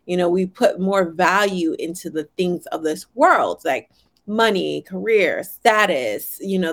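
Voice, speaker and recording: Woman reflecting in a faith chat. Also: lowish voice. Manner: reflective, checks in with "right?". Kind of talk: casual faith discussion.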